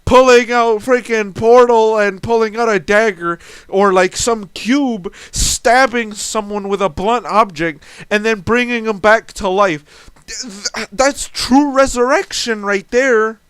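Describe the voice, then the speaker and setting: A young man with a high, smooth, resonant voice rants in exasperation about a tabletop game, swearing and restarting his sentences. He speaks slowly and deliberately, recorded dry and close at home. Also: fairly bright tone, dry recording. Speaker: storyteller recounting a tabletop game. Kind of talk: ranting storytelling monologue.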